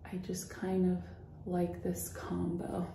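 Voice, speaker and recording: A woman's voice: fairly low pitch, completely flat delivery, takes it slowly, creaky, mellow, roomy sound, slight background noise. A young woman chatting through a makeup tutorial at home, a bit out of breath and full of fillers as she demonstrates. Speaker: beauty vlogger. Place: at home by a mirror.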